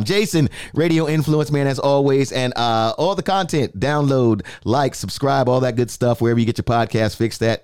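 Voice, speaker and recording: A man's voice: fairly low pitch, darkish tone, dry recording, studio quality. A man hosting a podcast, bantering and joking in casual, slangy talk. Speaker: podcast host.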